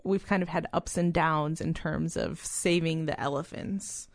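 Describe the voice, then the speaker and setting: Casting: low-voiced woman co-host, plain explanatory tone, dry sound. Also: steady tone, a little slow, no echo. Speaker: podcast co-host. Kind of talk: casual chat with history asides.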